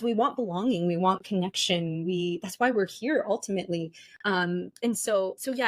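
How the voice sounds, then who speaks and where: A woman's voice: medium pitch, no room sound. A woman guest who runs play sessions, talking in an earnest, reflective way with many casual fillers. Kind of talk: casual conversation.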